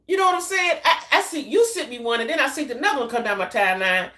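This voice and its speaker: A middle-aged woman with a deep voice hosts a loose, casual live-stream chat on her YouTube channel, talking fast with few pauses in a bright, forceful, animated tone. She's chatty and loose, repeats herself, and calls her viewers y'all.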